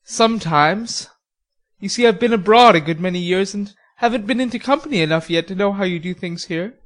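A woman's voice: medium pitch, a little fast, close to an everyday voice. A woman voicing a shy, polite teenage boy with a pleasant, slightly formal manner in a storybook reading. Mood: friendly.

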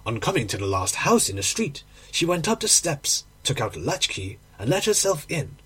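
A man's voice: on the high side, very animated, normal speed, fairly bright tone, husky. A man narrating a classic short story in a dramatic, emotional audiobook reading. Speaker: audiobook reader.

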